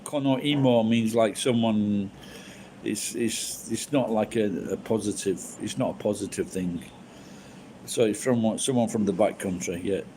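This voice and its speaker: A man's voice: lowish voice, measured pace, warm tone, slight background noise, low-quality recording. A drunk man rambling and swearing through casual chat as a live streamer, full of false starts. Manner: crude, swears a lot, rambling with restarts.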